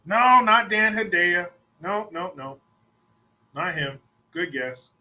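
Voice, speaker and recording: A male podcast host tells a rambling story in a casual, profane style, swearing freely and slipping into quick mocking voices. His voice is high-pitched, bright, and forceful, with an animated delivery.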